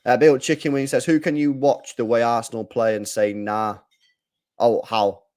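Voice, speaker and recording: A man's voice: medium pitch, moderate pace. Chatty man doing live match commentary. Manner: chatty, swings from mumbling to excited shouting; reads out viewer comments. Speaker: live stream host.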